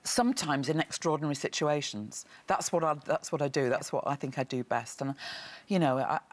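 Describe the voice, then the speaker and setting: A middle-aged woman from England, a guest on a talk show, telling stories in a halting way that repeats words and restarts, and growing animated as she goes. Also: low-pitched. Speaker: guest, television writer. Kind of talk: chatty talk show interview.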